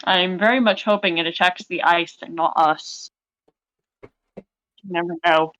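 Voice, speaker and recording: A woman's voice: lowish voice, fairly even intonation, a little slow, a bit bright, no echo. Bossy, teasing woman player on a dull line. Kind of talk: tabletop game play. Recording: dull, dry sound.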